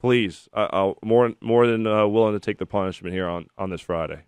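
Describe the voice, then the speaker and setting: A man's voice: on the low side, a little fast, smooth, no room sound. A man in his thirties hosting a sports call-in radio show, chatting and telling stories between callers. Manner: chatty, storytelling, animated when telling anecdotes. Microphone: studio microphone.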